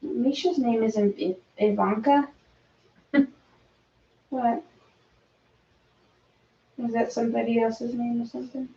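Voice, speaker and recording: Woman co-host, slightly high voice, casual chat with ums, recorded from across an echoey room on a dull mic. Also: fairly even intonation, takes it slowly, pauses often, dark tone. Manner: reads news headlines aloud with hesitant ums. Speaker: livestream co-host. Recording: distant, roomy, dull-sounding.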